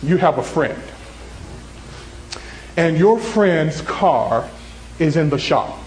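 A male pastor preaching with a voice pitched high for a man. His delivery is animated, climbing into excited high tones and dropping into soft, low ones. He acts out characters in short stories to make his points. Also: slow, echoey room, a little hiss or hum, low-quality recording. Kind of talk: sermon.

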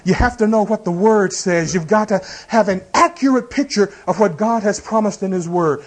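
High-voiced preaching pastor. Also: male voice, normal speed. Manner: preaching with rhetorical questions and congregation call-outs; tells everyday illustrations. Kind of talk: sermon.

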